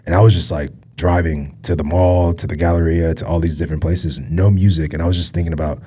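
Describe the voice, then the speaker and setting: A man's voice: low voice, a little hiss or hum. A man co-hosting a podcast, chatting casually and laughing often with friends. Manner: fast, animated, laughs often. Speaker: podcast co-host. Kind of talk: casual chat.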